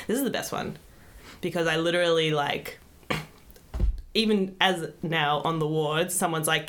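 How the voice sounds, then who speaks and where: Young woman doctor chatting on a podcast, lowish voice, laughs a lot. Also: moderate pace, a bit bright. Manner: chatty, laughs often, self-deprecating. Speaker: podcast co-host, junior doctor. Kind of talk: casual chat.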